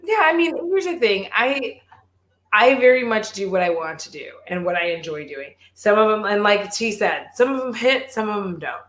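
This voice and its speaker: In a casual livestream chat, this beauty YouTuber rambles through stories laced with swearing and constant "like"s. She speaks at normal speed in an expressive, mid-range voice with a fairly bright tone, and a clear room echo surrounds it.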